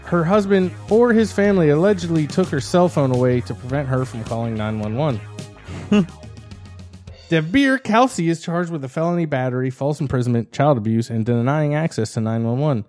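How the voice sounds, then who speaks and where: A man's voice: on the high side, animated, moderate pace, a little mellow, soft background music. A man from New Jersey, a comedy podcast co-host, reading a news story aloud with stumbles and jokes. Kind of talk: casual comedy podcast banter.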